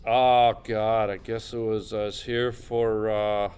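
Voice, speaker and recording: Canadian comic, man, smooth clear voice, deadpan rambling tall tales. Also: lowish voice, takes it slowly. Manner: deadpan absurd storytelling, rambling. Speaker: comedian guest. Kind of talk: casual comedy podcast chat. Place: comedy club stage after a show.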